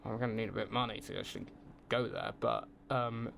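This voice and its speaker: A young British man talks through a relaxed podcast conversation, easygoing and quick to laugh. He restarts his sentences as he thinks aloud, over a faint background hiss. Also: fairly low pitch, creaky. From United Kingdom. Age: young adult. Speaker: film production student, guest. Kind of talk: casual podcast chat.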